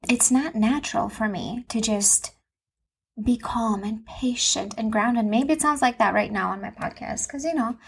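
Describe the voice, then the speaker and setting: A woman in her thirties talks on her own podcast from home, open and confessional, and she repeats her points for emphasis. Her voice sits a little high and has a soft husky edge. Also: moderate pace. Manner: earnest and confessional, with emphatic repetition. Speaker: podcast host and Christian mom coach. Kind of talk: personal podcast monologue.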